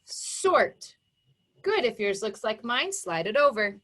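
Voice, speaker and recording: Slow, clear-spoken woman phonics teacher. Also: on the high side, big pitch swings. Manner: sounds words out slowly and emphatically, warm encouraging praise. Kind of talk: slow, exaggerated phonics dictation for young children.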